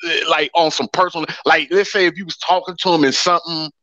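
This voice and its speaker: A man's voice: fairly high pitch, steady tone, fast, bright, forceful tone. A man co-hosting a podcast in casual chat, talking laid-back slang and saying "bro" over and over. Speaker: podcast co-host. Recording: dull lo-fi dry sound.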